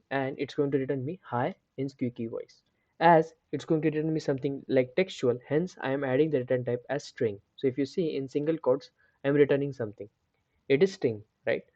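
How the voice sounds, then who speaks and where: Explaining step by step, a programming tutor runs a screen-share coding tutorial, repeatedly asking "right?" and restarting sentences. His voice sits on the high side with a warm tone, and there's no echo, though the highs are cut off.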